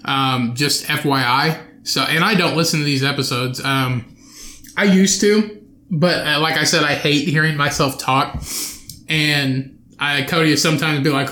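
A man's voice: medium pitch, fairly even intonation, brisk, pushed and bright, echoey room. A young man hosting a solo podcast from his home studio, rambling, swearing and cutting himself off mid-sentence. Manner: profane, rambling, self-interrupting. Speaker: podcast host.

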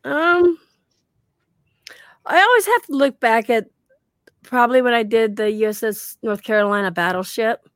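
A woman with a slightly high voice tells her ghost stories with lively energy, jumping into the voices of the people in them. She is recorded close and dry, with no room sound. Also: normal speed, pauses often, no echo. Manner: animated storyteller, acts out quotes, laughs often. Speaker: guest paranormal investigator. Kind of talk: casual podcast chat.

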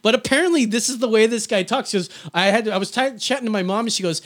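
A man hosting a podcast in casual chat, swearing freely and rambling excitedly. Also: high-pitched, fast, hardly any pauses. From Filipino family. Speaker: podcast host.

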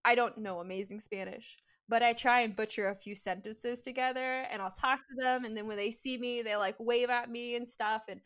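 A woman's voice: on the high side, fairly even intonation, moderate pace, few pauses, a bit bright, clean tone. A woman hosts a podcast in a casual, chatty way. She jumps in with her own stories and laughs easily as she talks. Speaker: podcast host. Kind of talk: casual interview chat.

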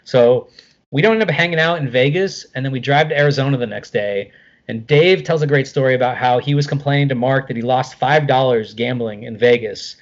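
Animated and liberal with swear words and "like," a middle-aged man tells a casual story as a guest. He speaks briskly at medium pitch, and the sound is lo-fi.

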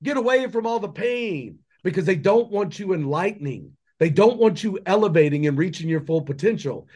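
A man's voice: high-pitched, lively intonation, moderate pace, darkish tone. A man, a podcast guest, lays out his beliefs in an impassioned monologue, firing off rhetorical questions. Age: adult with children. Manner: preachy, fires rhetorical questions. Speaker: podcast guest, entrepreneur and mentor.

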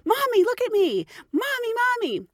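A woman voicing a hyper little boy who keeps calling for his mommy in a shrill, insistent way. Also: wildly swooping pitch, moderate pace, dry recording, clean studio sound, exaggerated voice. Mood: excited.

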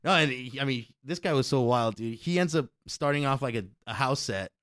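A man spinning a rowdy anecdote, swearing freely and jumping into loud impressions of the people in it. His voice sits at an ordinary middle pitch. The sound is dry and close, with no room around it. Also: fairly quick, dry recording. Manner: profane, animated, acts out quotes loudly. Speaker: DJ telling a story. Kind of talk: casual storytelling chat.

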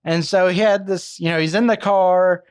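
A man's voice: high-pitched, steady tone, normal speed, smooth. A man casually narrating a true crime story, chatty with asides and fillers. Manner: conversational, many fillers and asides.

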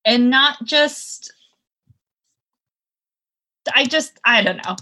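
A young woman co-hosting a casual podcast, recapping a movie with drawn-out, emphatic, sarcastic remarks. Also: sits high, lively intonation, sharp tone, low-quality recording. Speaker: podcast co-host.

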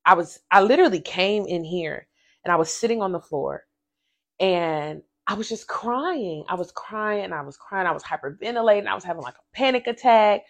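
A faith podcast host talks directly to her listeners in a casual way, telling a personal story full of animated, emphatic repetition. She speaks at medium pitch and a moderate pace.

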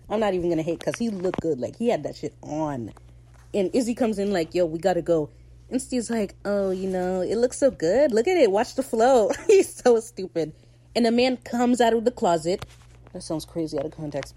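A woman talking casually on her podcast, slangy and animated, slipping into quick impressions of the characters. Her voice sits a little low and sounds mellow and relaxed. A faint hiss runs under the recording. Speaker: podcast host recapping a TV show. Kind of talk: casual chat.

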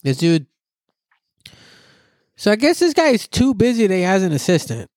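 A young man from Southern California, chatting casually on a podcast, loud and profane as he tells stories. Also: high voice, moderate pace, no room sound, studio quality. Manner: loud, profane, animated storytelling. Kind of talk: casual chat.

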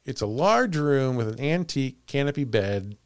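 A man's voice: medium pitch, animated, normal speed, clean tone, no room sound, studio quality. A man hosting a podcast, telling a ghost story in casual chat and laughing often. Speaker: podcast host.

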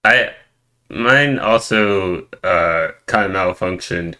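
A man's voice: low-pitched, slow pace, sharp tone, poor audio. A man chatting casually with friends, reacting in a dry, understated way. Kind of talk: casual chat.

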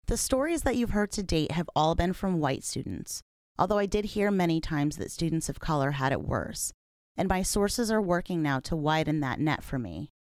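Low-voiced woman narrating a serious documentary. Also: animated, moderate pace, a little mellow, no room sound, studio quality. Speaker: podcast host.

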